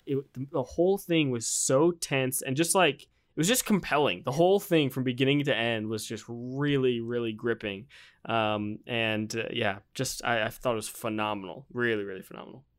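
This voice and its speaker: A man hosting a podcast, relaxed and enthusiastic in casual chat. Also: mid-range voice, moderate pace. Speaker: podcast host.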